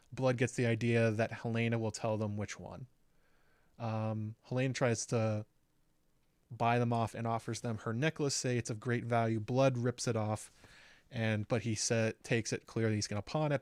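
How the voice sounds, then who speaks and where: A man's voice: mid-range voice, no room sound. Man casually recapping a TV episode. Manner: conversational, frequent "um" fillers, recapping plot step by step. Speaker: YouTube show host. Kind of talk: casual episode breakdown commentary.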